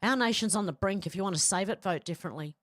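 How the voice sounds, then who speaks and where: Woman, commentary host, blunt and mid-pitched, dry close mic. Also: quick pace, no echo. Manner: blunt, outspoken, swears. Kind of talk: casual opinion commentary, reading posts aloud.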